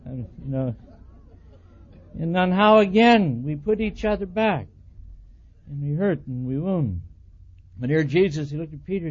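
High-voiced preacher telling marriage stories. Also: male voice, a little slow, long pauses. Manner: animated storytelling, acts out quoted dialogue, chuckles at himself. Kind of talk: sermon with personal stories. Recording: dull lo-fi recording.

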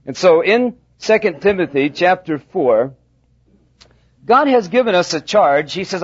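A pastor preaching a sermon, telling a folksy story with halting restarts. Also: male voice, high-pitched, expressive, husky. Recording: dull lo-fi sound.

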